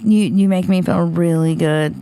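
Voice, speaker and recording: A woman's voice: lowish voice, fairly even intonation, normal speed, vocal fry, mellow, clean tone, dry recording. A woman co-hosting a podcast in casual chat, blunt and wry, swearing freely. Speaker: podcast co-host.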